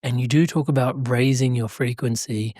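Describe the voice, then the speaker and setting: A woman hosting a podcast, asking questions in a gentle, encouraging way and laughing along with her guest. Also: a bass voice, fairly even intonation, moderate pace, dry recording, studio quality. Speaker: podcast host. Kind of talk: interview questions.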